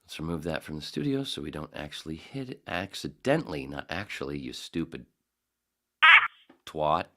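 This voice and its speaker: Man, forties, podcast host, very deep voice, sing-song delivery, profane, joking. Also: animated, normal speed. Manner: profane, jokey, slips into impressions. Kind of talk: casual solo podcast rambling.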